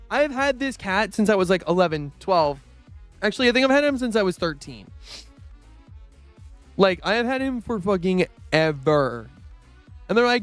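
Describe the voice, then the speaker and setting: A man's voice: sits high, very animated, normal speed, pauses often, no room sound, soft background music. A young man chatting casually while streaming a game, rambling with lots of fillers and casual swearing. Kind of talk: casual gaming livestream chat.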